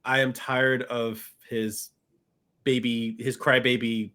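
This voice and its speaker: Male panel guest, mid-pitched, hesitant, casual. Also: flat delivery, slow, bright, forceful tone. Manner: hesitant, many ums. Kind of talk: casual chat.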